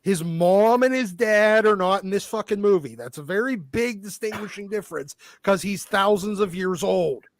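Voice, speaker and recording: A man's voice: high voice, moderate pace, hardly any pauses, no echo, studio quality. A man on a comics panel, talking emphatically and swearing when riled. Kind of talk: casual panel chat.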